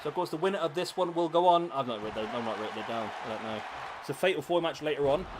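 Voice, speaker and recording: A man, commentating a wrestling video game on a live stream, excitable and jokey, bantering with his chat. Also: fairly high pitch, racing. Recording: game crowd noise behind voice. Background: wrestling game crowd and arena noise.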